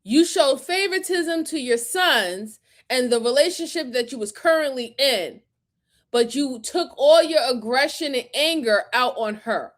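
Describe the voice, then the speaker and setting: A woman's voice: high voice, expressive, a little slow. A woman reacting to crime footage in a heated, emphatic way, cursing often and near tears with fury. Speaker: video commentator.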